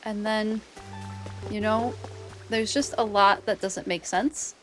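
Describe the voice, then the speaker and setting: A woman streaming a video game, chatting casually and reacting with excited gasps and squeals. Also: mid-range voice, slow, soft background music. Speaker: streamer and biologist. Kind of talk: casual let's-play commentary.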